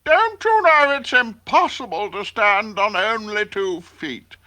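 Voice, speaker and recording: A man voicing a grouchy, bossy female ladybug who snaps and scolds in a much higher voice. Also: lively intonation, slow, pushed and bright, full character voice. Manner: snappy, scolding.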